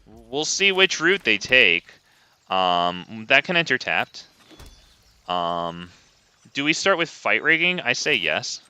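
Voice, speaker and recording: A man's voice: mid-range voice, very animated, slow, bright, forceful tone, smooth. A young man giving casual, wry gameplay commentary with lots of ums, close to a desk mic.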